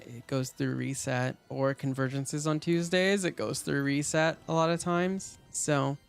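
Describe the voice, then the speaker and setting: A man with a smooth, somewhat high voice chats casually while streaming a game, rambling along with plenty of filler words.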